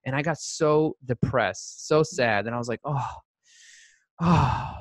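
A man talking as a podcast guest in an animated, motivational way, full of catchy rhymes. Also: mid-range voice, normal speed, no echo. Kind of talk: energetic interview talk.

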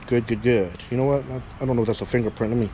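A man's voice: medium pitch, fairly even intonation, racing, dark tone, a little hiss or hum, poor audio. A man working as a dog trainer, explaining a session to an owner outdoors near parked cars. He talks a lot, keeps checking in with "yeah?" and "okay?", and swears casually. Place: outdoors by a parking area with cars.

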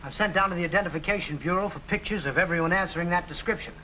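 A man's voice: high-pitched, racing, sharp tone, a little hiss or hum, low-quality recording. A man playing an earnest, businesslike police chief in a 1940s radio drama.

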